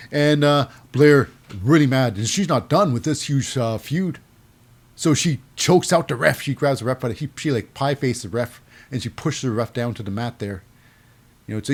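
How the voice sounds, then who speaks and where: A man casually recapping a wrestling show, rambling with many fillers and restarts, sometimes acting out quotes in a raised voice. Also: mid-range voice.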